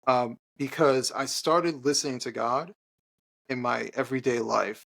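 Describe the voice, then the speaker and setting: A man, a podcast guest and author, telling an earnest personal story in conversation, halting with restarts and fillers. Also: mid-range voice, fairly even intonation, gravelly, a bit bright.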